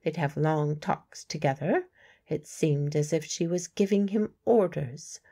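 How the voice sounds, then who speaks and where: A woman's voice: deep voice, a little slow, dark tone. A woman narrator voicing a guarded, blunt working-class woman medium in an audiobook.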